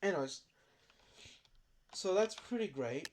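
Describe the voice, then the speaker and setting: A stuffy-nosed voice chats loosely over a game, rambling from one thought to the next and leaning on fillers. The voice sits at an ordinary middle pitch. Loud keyboard clatter and mouse clicks carry clearly under the talk, picked up by a desk mic. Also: lively intonation, slow, slight background noise. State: stuffy nose. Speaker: gaming video creator. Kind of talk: casual commentary over gameplay.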